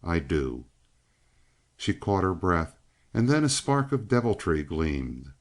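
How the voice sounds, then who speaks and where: A man narrating a western novel as an audiobook in a measured, expressive way. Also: deep voice.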